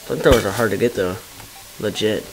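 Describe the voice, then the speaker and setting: A man with a somewhat low voice talks casually while gaming with friends. Music plays behind him. His remarks come out laid-back and dry. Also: quick pace, rough recording. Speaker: gamer playing with friends. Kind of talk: casual let's play chat.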